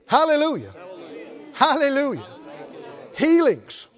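A man preaches in a very high voice that swings widely up and down, with rhetorical questions thrown out to the congregation. The recording sounds dull and lo-fi. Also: huge pitch swings, takes it slowly, in a large hall, a faint crowd. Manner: rhetorical, asks the congregation to respond. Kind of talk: sermon.

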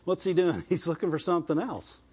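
Rural Southern preacher, man, high voice, repeats himself and calls for amens, dull lo-fi recording. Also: steady tone, brisk, darkish tone, slightly rough. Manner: exhorting, repetitive, asks the congregation "Amen?". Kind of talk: sermon.

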